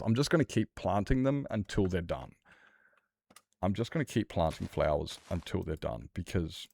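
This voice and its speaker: A man's voice: lowish voice, gravelly, a little mellow, dry recording. A man chatting casually on a live game stream, rambling and laughing often as he talks to viewers. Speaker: Minecraft streamer.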